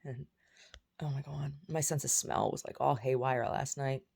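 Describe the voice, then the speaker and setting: A woman's voice: a bass voice, fairly even intonation, moderate pace, creaky, darkish tone, slightly rough. A woman vlogging in a rambling, chatty way, jumping between topics. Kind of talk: casual chat.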